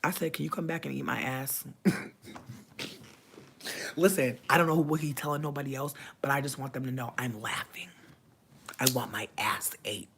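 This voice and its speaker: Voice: mid-range voice, steady tone, normal speed, gravelly, pauses often, fairly bright tone, slight background noise. A young adult vlogger telling a story in a casual rant, venting animatedly with heavy slang and cursing.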